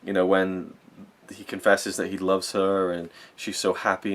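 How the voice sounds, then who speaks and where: A man's voice: sits low, level tone, unhurried, few pauses, a bit bright. A young man giving a rambling, enthusiastic spoken film review, full of fillers and self-corrections.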